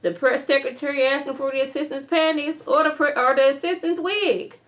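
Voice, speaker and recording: A woman's voice: high-pitched, fairly even intonation, fairly quick. A young woman casually recapping and reviewing a TV episode in an opinionated, slangy way. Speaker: TV show reviewer.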